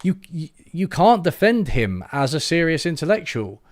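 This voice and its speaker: A man's voice: on the high side, sing-song, moderate pace, no room sound. A young man hosting a casual live stream, sarcastic and laughing, full of restarts and trailing asides. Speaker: YouTube channel host.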